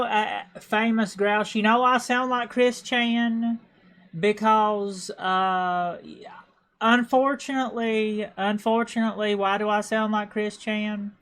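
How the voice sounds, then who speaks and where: A woman's voice: medium pitch, a bit bright. Rambling Appalachian woman streamer. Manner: rambling, stammering, repeats words. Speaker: game streamer. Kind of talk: casual livestream chat.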